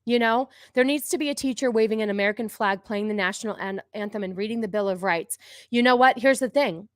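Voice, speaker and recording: A woman's voice: mid-range voice, fast, no echo, studio quality. A woman in her forties hosting a live stream, commenting on videos in a sarcastic, profane, ranting way. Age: 40s. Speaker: streamer host.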